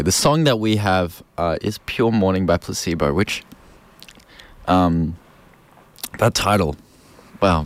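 A man's voice: low-pitched, dry recording. A young man hosting a community radio show, chatting in an upbeat, rambling way with lots of ums and repeats. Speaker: radio host. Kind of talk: casual community radio chat. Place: radio studio. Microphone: studio microphone.

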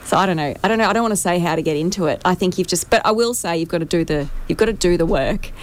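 A woman's voice: lowish voice, rapid-fire. An Australian woman in her thirties or forties, an artist talking in a casual podcast chat, chatty and self-deprecating, often laughing. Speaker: artist guest. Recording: faint background noise.

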